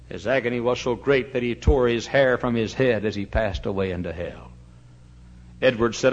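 A man, a pastor, preaching a fiery sermon in a church, shouting one moment and dropping to a hush the next. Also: mid-range voice, moderate pace. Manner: fiery preaching, swings from shouts to hushed tones. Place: church sanctuary. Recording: dull lo-fi recording.

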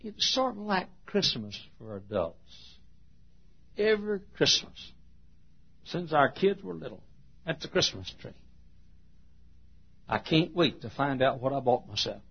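A man's voice: mid-range voice, big pitch swings, a little slow, vocal fry, long pauses, slightly rough. A man preaching a sermon in a folksy, emphatic storytelling manner. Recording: dull lo-fi sermon recording.

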